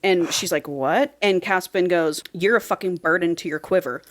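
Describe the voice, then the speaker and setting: A woman's voice: lowish voice, normal speed. Frank, chatty woman podcast host. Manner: retells a plot in a chatty way, quoting characters; profane and frank. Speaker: podcast co-host recapping a book. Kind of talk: casual chat.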